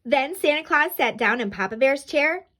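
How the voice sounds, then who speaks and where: A woman reading a children's storybook aloud in an expressive, animated way. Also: high-pitched, moderate pace.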